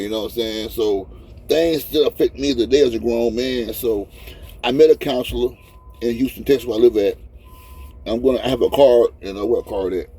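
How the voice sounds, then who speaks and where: Tearful husky-voiced man in his fifties. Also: lowish voice, mellow. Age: 50s. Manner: rambling, heartfelt, repeats himself. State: crying. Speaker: truck driver vlogger. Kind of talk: casual emotional vlog talk.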